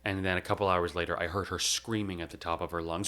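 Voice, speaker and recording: Young male host, deep and bright-toned, reading a heartfelt eulogy with deliberate pauses. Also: little pitch movement. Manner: measured and reflective, with slow emphatic pauses. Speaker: podcast host. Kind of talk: delivering a spoken eulogy.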